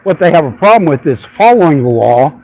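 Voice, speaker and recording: A man's voice: fairly high pitch, very animated, a little fast, a little mellow, low-quality recording. A man ranting on a casual livestream from a city sidewalk, irritated and swearing freely as he films. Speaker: street filmer livestreaming.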